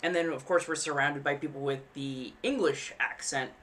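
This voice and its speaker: A woman's voice: sits low, moderate pace, fairly bright tone, slight background noise. A woman chatting casually on a live stream while she sews, rambling and frank, swearing freely and laughing at herself. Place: home apartment.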